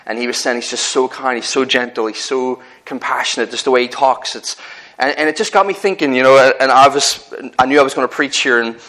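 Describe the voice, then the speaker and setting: A man's voice: mid-range voice, a little fast, pushed and bright, rough recording. A man with a Northern Irish accent preaching a sermon in an earnest, conversational way, often restarting his phrases and telling personal stories.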